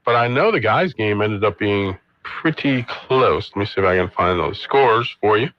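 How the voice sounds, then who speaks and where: A man's voice: lowish voice, animated, moderate pace, no room sound. Laid-back middle-aged man on the radio. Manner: easygoing, laughs often, trails off mid-sentence. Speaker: radio co-host. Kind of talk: casual radio chat. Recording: dull dry radio studio sound.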